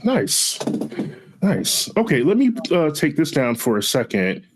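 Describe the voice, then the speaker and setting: A man's voice: fairly high pitch, huge pitch swings, unhurried, noisy background. A man hosting an interview show, chatty and easygoing, who laughs often and talks straight to his audience.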